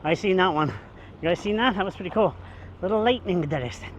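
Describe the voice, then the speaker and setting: Guy rambling on a walk with his phone, kinda high voice, jokey, bit winded, faint traffic hum behind. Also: fast. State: out of breath from walking. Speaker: vlogger. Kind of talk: casual walking vlog. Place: outdoors on a street walk. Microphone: handheld phone camera.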